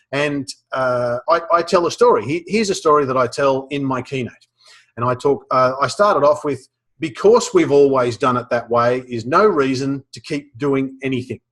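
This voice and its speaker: A man's voice: medium pitch, a bit bright. An Australian man presenting a webinar, telling a funny story with lots of restarts and fillers. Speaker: professional speaker teaching a webinar.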